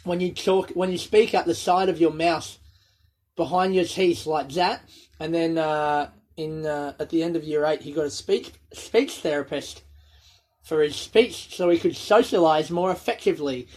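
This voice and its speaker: A man's voice: on the high side, fairly even intonation, moderate pace, darkish tone. A man, telling rambling, sweary stories on his own and laughing at his own jokes. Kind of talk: casual solo storytelling.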